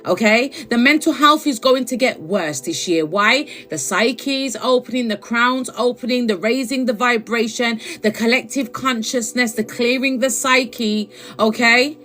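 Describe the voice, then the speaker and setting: A woman's voice: a little high, measured pace, sharp tone, faint music behind. A woman giving spiritual advice on a live stream, chatty and affectionate, checking in with "okay?" again and again. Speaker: spiritual reader.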